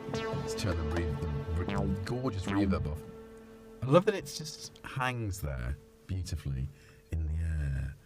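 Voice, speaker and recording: A man's voice: deep voice, big pitch swings, unhurried, loud music behind the voice. A Welsh man hosting a casual livestream from a home studio, thinking aloud in a rambling, self-mocking way. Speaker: synth livestream host. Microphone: studio dynamic mic. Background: loud synthesizer playing.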